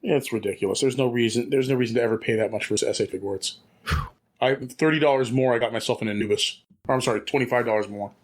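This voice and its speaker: A man's voice: medium pitch, fast talker. A man co-hosting a casual podcast, rambling and chatty with frequent restarts. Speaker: podcast co-host. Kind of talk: casual chat.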